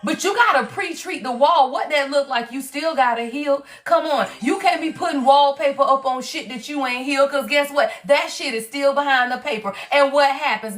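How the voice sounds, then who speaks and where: A woman's voice: high voice, a bit bright. A middle-aged Southern woman with a Southern accent, a tarot reader talking on a livestream in a blunt, profane, preachy way. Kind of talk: livestream talk.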